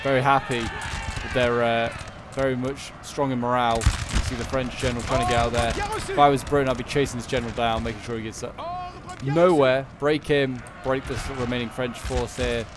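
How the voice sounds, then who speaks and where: A man's voice: mid-range voice, noisy background. Man casually commentating a battle. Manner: relaxed, thinks aloud with frequent pauses. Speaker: game commentator.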